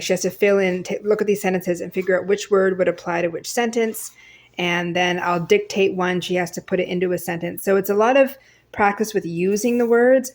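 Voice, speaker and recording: Patient, encouraging homeschooling mom. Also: female voice, on the low side. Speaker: homeschooling mother. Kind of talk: casual teaching and vlog commentary. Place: family home.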